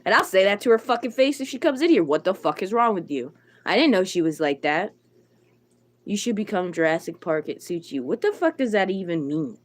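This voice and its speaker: A woman's voice: medium pitch, sing-song, fairly quick. A woman livestreamer ranting to her chat, blunt and irritated, swearing a lot and answering viewers by name. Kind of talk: live stream chat rant.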